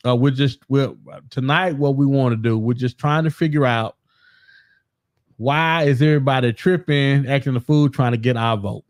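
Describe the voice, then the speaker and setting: A man talking as a guest on a casual political talk show, relaxed and given to repeating his words. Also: mid-range voice, normal speed, dry recording, clean studio sound.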